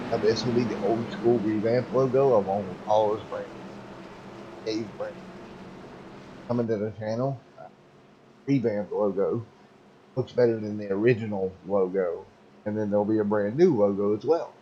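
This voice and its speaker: A man with a lowish, hoarse voice calls a simulated race. He gets excitable and rambles, with plenty of fillers. Steady background noise sits under his voice. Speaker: sim racing commentator. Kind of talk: race commentary.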